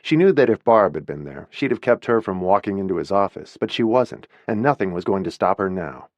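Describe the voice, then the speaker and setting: A man narrates a novel with expressive, story-driven reading. His voice sits low and moves a lot in pitch, and the recording is dry and close, with no room sound. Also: a little fast, no echo. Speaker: audiobook narrator.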